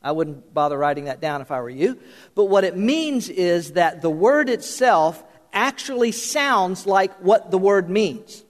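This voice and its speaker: An older man preaches in a folksy, joking way, his voice pitched fairly high. He slips in plenty of fillers and restarts. His words ring out with a long hall reverb. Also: expressive, measured pace. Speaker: pastor. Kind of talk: sermon.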